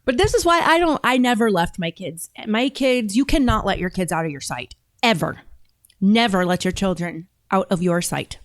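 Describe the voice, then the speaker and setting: A woman's voice: mid-range voice, dry recording. Chatty woman commentator, dry close sound. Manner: chatty, emphatic, talks with her mouth full at times. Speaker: show host reacting to videos. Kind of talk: casual commentary.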